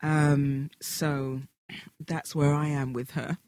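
A woman, co-hosting a podcast and telling a story in a casual, animated way with frequent laughter. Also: low-pitched, slow pace, no room sound. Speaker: podcast co-host. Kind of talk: casual chat.

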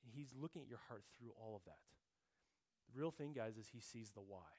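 A man's voice: fairly low pitch, animated, a little fast. Earnest middle-aged man giving church testimony. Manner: earnest, often drops to a soft, quiet tone; repeats words when searching for a phrase. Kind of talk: sermon testimony.

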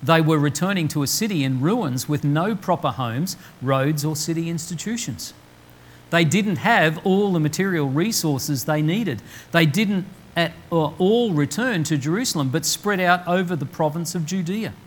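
A man preaching a sermon, slowing down to quote scripture word by word with emphasis. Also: on the high side, expressive, low-quality recording. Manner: emphatic, slow deliberate quoting of scripture. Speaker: pastor. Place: church.

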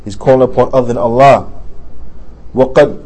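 A man's voice: mid-range voice, fairly even intonation, fairly quick, a little mellow, rough recording. A man teaching an Islamic studies class in a mosque, reading Arabic text aloud and translating it into English, with frequent fillers and restarts. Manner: reads Arabic passages, then explains them in English with fillers and restarts.

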